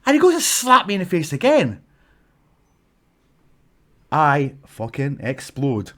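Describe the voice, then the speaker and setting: A man's voice: a little high, huge pitch swings, takes it slowly, fairly bright tone. A Scottish man, a wrestler, telling stories to camera in a casual vlog, swearing freely and acting out the people in them. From Scotland.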